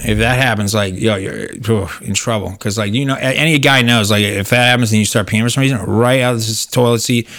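Rambling man with a low voice. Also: fairly even intonation, a bit bright, no echo, studio quality. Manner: rambling, halting restarts, heavy profanity. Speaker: podcast co-host. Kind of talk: casual crude banter.

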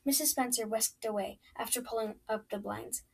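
Woman with a husky voice, reading a storybook. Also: a little high, fairly even intonation, normal speed, rough recording. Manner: unpolished reading with frequent stumbles and restarts. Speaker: audiobook reader. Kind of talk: storybook narration.

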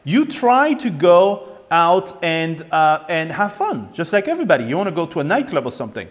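A young man from France tells a personal story on his podcast, often repeating words and acting out what others said to him. His voice sits slightly high and rises and falls in lively swings. The recording carries a long, hall-like reverb. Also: moderate pace. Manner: animated, repeats words, acts out quoted lines. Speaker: podcast host.

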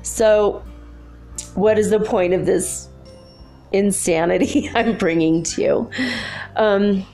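A woman in her fifties, telling a childhood story in an animated, confiding way. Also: mid-range voice, takes it slowly, pauses often, faint music behind. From Los Angeles, USA. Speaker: spiritual speaker. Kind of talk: storytelling monologue.

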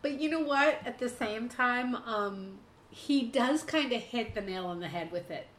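A woman co-hosting a casual chat, emotional and talking fast in bursts. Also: on the high side, lively intonation, fairly bright tone. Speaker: podcast co-host. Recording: echoey room.

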